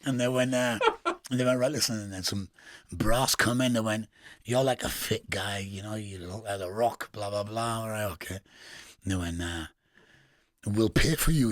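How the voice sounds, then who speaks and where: A man's voice: fairly low pitch, fairly bright tone, no room sound, studio quality. A middle-aged man with a Geordie accent, telling crude stories in a casual interview, swearing and laughing often. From England. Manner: swearing, laughing storyteller with street slang. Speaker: guest.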